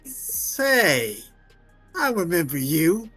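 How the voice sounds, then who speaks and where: Man doing a rambling, slangy old codger for a game read-through, voice pushed a touch higher. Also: very animated, very slow, sharp tone, no echo, faint music behind, heavily acted. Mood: nostalgic. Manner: drops into folksy slang, "me" for "my". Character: chatty elderly working-class city man.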